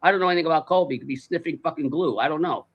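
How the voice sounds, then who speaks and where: A man telling an anecdote in a casual, animated way, swearing freely and acting out the voices. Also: fairly high pitch, very fast, slightly rough, muffled recording. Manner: profane, animated, acts out the voices. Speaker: guest storyteller.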